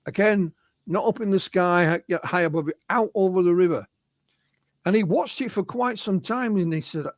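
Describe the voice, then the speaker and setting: High-voiced Englishman telling witness stories. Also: normal speed, no room sound, clean studio sound. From England. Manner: recounts witness accounts, peppered with "you know". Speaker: guest, UFO researcher and author. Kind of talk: anecdotal storytelling in an interview.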